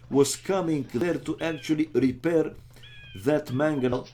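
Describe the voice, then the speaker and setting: Casting a live strategy game, a non-native English-speaking man talks in a medium-pitched, unhurried voice. He's excitable and chatty, breaking into sudden exclamations and joking asides to viewers.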